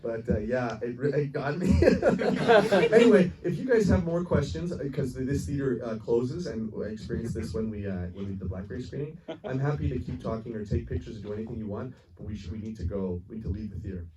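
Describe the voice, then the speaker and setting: After a film screening in a cinema, a man answers audience questions, rambling earnestly through stories with many restarts and frequent laughs. His medium-pitched voice is expressive and a little fast with hardly any pauses, and it sounds distant, with faint noise and a live audience room around it.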